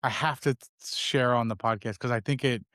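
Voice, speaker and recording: A middle-aged man co-hosting a casual podcast, telling a story with lively acted-out voices. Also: mid-range voice, brisk, no echo, studio quality. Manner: animated storyteller, acts out his kids' voices. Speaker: podcast co-host.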